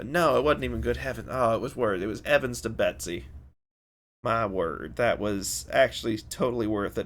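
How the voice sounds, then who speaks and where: A young man from the American South, streaming in a deliberately overdone Southern accent. He is worn out and rambles in a self-mocking way, full of folksy slang. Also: mid-range voice, fairly bright tone. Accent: Southern American, exaggerated on purpose. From Southern United States. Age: young adult. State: very tired. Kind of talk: casual stream chat.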